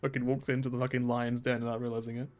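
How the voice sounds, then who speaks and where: A man's voice: mid-range voice, little pitch movement, rapid-fire, soft background music. A male game streamer chatting casually, laughing often and swearing freely. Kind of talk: casual gameplay commentary.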